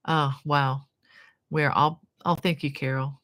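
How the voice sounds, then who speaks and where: A woman's voice: low voice, little pitch movement, slow, fairly bright tone, no room sound. An older woman hosting a casual live stream, chatting earnestly and reading viewer comments aloud before answering them with blessings. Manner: earnest, devout, fond of blessings and prayers. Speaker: crochet channel host.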